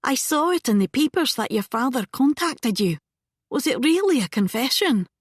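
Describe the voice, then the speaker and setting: A woman's voice: high voice, sing-song, moderate pace, husky, no echo, studio quality, voice pushed up, heavily acted. A woman reading an audiobook voices a loyal young friend who speaks in an insistent, breathless way. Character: loyal young female friend, eager and pressing.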